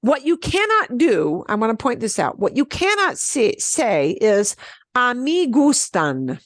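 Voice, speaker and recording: A woman's voice: fairly high pitch, wildly swooping pitch, a little slow, no room sound, clean studio sound. A woman teaching a beginners' Spanish class over a video call, explaining patiently and checking in with "okay?" often.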